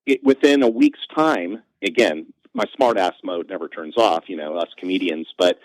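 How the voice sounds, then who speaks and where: Lower-voiced man telling animated stories. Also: dry recording, low-quality recording. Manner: animated, self-mocking anecdotes with quick pitch jumps. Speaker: podcast guest, comedian. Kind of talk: conversational storytelling.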